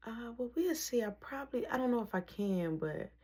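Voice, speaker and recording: Woman doing a soft, guarded teen girl on the phone. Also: a little high, animated, normal speed, slightly rough, voice pushed up. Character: calm teenage girl on a late phone call.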